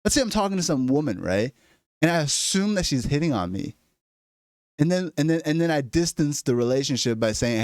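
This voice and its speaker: A man's voice: on the high side, big pitch swings, fairly quick, darkish tone, no room sound, studio quality. A man delivering an exasperated, profane comedic rant straight to camera. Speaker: vlogger. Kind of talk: ranting comedic monologue.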